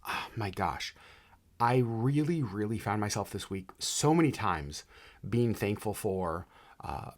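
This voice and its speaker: A man co-hosting a casual podcast, telling stories in a rambling, animated way with many restarts. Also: lowish voice. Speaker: podcast co-host. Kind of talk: casual chat. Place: home podcast setup in Alaska.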